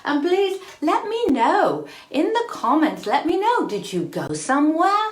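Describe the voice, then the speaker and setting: A woman talks to her viewers on a phone livestream from a bathroom, and the small hard room gives her voice a clear echo. She speaks in a high, swooping voice, unhurried and affectionate, and calls everyone darling. She is playful and expressive, with easy laughs in her chat. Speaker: self-care vlogger. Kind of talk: live-streamed casual self-care talk. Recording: roomy, echoey bathroom sound.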